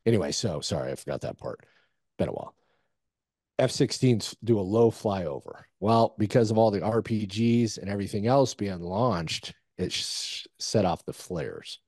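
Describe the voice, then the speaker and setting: A man's voice: on the low side, animated, moderate pace, darkish tone, no room sound, studio quality. A man, a former soldier, telling a war story casually in an interview, loose and profane with lots of fillers. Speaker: guest, former Army Ranger.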